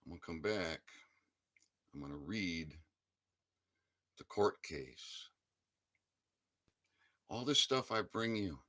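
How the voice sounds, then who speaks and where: A man delivering an angry ranting monologue, swinging between shouting and low muttering, with heavy profanity. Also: expressive, slow pace, pauses often. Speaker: channel host.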